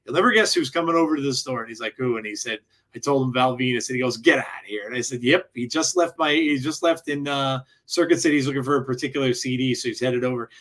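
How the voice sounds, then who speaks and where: Podcast co-host, man, mid-pitch, chatty storyteller who restarts sentences a lot. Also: fast talker, fairly bright tone. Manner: rambling storyteller, frequent restarts and laughs. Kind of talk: casual chat.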